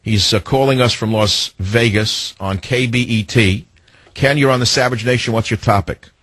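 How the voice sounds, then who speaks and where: A man's voice: medium pitch, normal speed, fairly bright tone, slightly rough, no echo. A man hosting a talk radio show, taking callers and lecturing with sarcasm.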